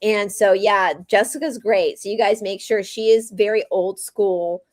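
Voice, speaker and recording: A woman's voice: mid-range voice, steady tone, a little slow, darkish tone, dry recording. A woman with a Southern American accent hosting a casual livestream chat, talking in a rambling, chatty way and laughing often. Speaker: host.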